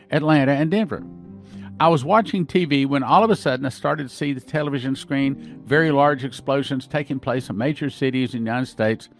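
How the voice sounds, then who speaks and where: A man hosting a podcast, reading dreams and visions aloud and breaking off with his own asides. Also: medium pitch. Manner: reads accounts, breaking off with asides. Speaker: podcast host. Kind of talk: reading prophecies aloud with commentary.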